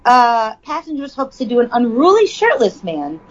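A woman's voice: on the high side, very animated, normal speed, lo-fi sound. A woman casually reading news aloud and riffing on it with frank, profane asides. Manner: chatty, profane, reads news then riffs on it. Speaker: commentator.

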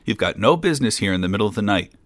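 A man's voice: fairly low pitch, lively intonation, rapid-fire, no room sound, studio quality, natural voice. A man voicing a naive, fearless young boy who talks plainly and earnestly. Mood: defiant.

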